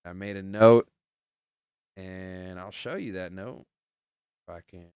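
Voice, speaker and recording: A man's voice: deep voice, fairly even intonation, slow pace, darkish tone, smooth, no echo, clean studio sound. A man hosting a casual solo podcast, telling rambling, profane stories full of fillers in a laid-back way. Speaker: podcast host.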